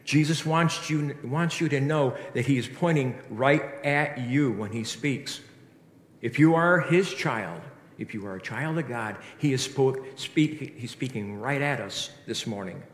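A man preaching in a church, asking his listeners earnest rhetorical questions and often restarting his sentences. His voice sits at an ordinary pitch for a man. The sanctuary is roomy and rings with a long reverb. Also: measured pace. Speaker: pastor. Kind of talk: sermon. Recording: echoey hall reverb.

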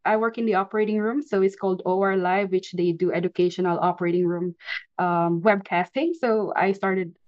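Woman guest, lively storyteller with frequent restarts, recorded a bit muffled. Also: on the low side, brisk, no echo. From Philippines. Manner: animated, laughs often, frequent restarts. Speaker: podcast guest. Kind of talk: casual interview storytelling.

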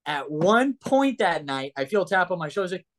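A man who is a guest on a casual chat show, telling stories in a rambling, animated way with swearing and restarts. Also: sits high, a little fast.

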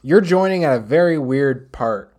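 A young man co-hosting a casual comedy podcast, speaking in a dry, halting, self-deprecating way. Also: medium pitch, lively intonation, darkish tone. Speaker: podcast co-host.

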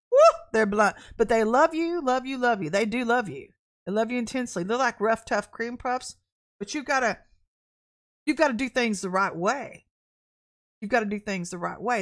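This middle-aged woman's voice is fairly high-pitched as she hosts a prophetic podcast on livestream. She talks bluntly and with energy, chuckling at herself and repeating phrases to drive points home.

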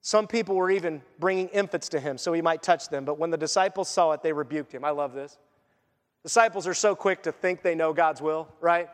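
A man preaching a sermon as pastor, animated, acting out voices and joking along the way. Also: fairly high pitch, brisk, in a large hall. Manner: animated, acts out voices and jokes.

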